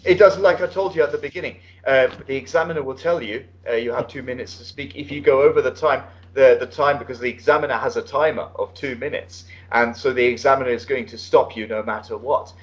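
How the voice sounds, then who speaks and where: A man giving spoken feedback as an IELTS speaking examiner over an online call, relaxed and coaching, with many fillers and restarts. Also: medium pitch, fast, few pauses, low-quality recording. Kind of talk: spoken feedback on a mock test. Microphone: online video call.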